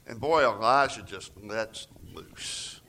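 A man preaching a sermon, retelling scripture with dramatic swings from loud passages to near-whispers and acting out quoted voices. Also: takes it slowly. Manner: acts out quoted voices with raised pitch. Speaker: pastor.

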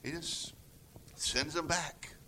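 A male pastor delivers a sermon at an unhurried pace. His voice is bright and slightly high, and he swings from loud, raised passages to near-whispers, pitching up to act out the voices he quotes. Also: steady tone.

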